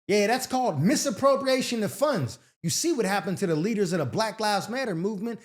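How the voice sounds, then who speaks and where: A man's voice: high-pitched, lively intonation, fairly quick, hardly any pauses. A man hosting an advice show, reading letters and answering them in a blunt, profane, sarcastic way with slang-heavy casual talk. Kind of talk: advice commentary rant.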